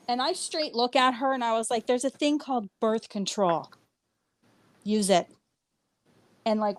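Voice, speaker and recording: A woman co-hosting a casual podcast chat, telling a lively story and laughing often. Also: high-pitched, dry recording. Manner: animated storytelling, frequent laughs. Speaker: podcast co-host.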